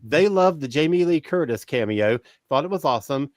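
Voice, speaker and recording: Animated, lively-voiced male podcast host. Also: a little high, brisk, no echo, clean studio sound. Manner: animated, self-correcting, apologizes for swearing. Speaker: podcast host reading live comments. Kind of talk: casual chat.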